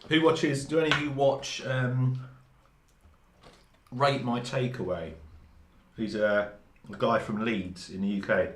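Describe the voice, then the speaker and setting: A man's voice: medium pitch, steady tone, slow pace. A man chatting casually on a hobby live stream, joking and eating as he talks, without a lav mic. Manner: chatty, jokey, laughing between bites. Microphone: no lav mic, room mic. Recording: echoey room, faint background noise.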